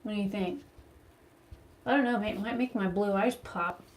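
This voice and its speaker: A woman chatting to a phone camera at home, rambling and animated as she tells stories between makeup steps. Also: mid-range voice, moderate pace, a little hiss or hum. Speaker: beauty vlogger. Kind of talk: casual chat while doing makeup. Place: her home, indoors. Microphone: phone camera at arm's length.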